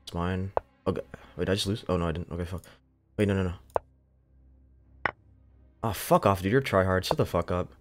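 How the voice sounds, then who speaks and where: Low-voiced young man swearing at his game. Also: steady tone, a little fast, long pauses, noisy background. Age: young adult. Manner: frustrated, swearing, self-mocking, jumpy outbursts. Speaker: gaming YouTuber. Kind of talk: casual gameplay commentary.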